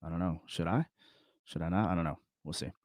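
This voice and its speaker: A middle-aged man with a very low voice chats on his own to his viewers, wandering from thought to thought. He backtracks and corrects himself, chuckling as he goes. The sound is dry and close, with no room echo. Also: a little fast, darkish tone. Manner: rambling, self-correcting, chuckles often. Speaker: vlogger. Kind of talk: casual solo self-reflection talk.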